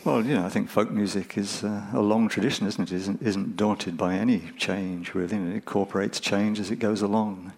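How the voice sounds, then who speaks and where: An older man from England, a folk musician, telling stories in a relaxed, reflective way with many fillers. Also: on the low side, creaky, rough recording. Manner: unhurried, thoughtful, with frequent fillers. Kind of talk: reflective conversational storytelling.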